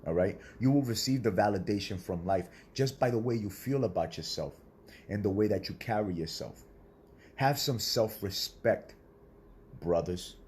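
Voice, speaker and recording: A man's voice: fairly low pitch, moderate pace, a little mellow, a little hiss or hum. A man delivering a blunt, profane motivational sermon, preaching in a confrontational way to other men and swearing freely. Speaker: self-styled spiritual speaker.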